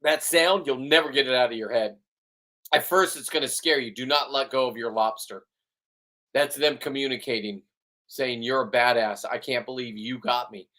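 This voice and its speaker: A man's voice: medium pitch, moderate pace, sharp tone. Man, middle-aged, brash, boastful, swearing, fishing boat commentary. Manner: brash, swaggering, profane. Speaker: fishing channel host.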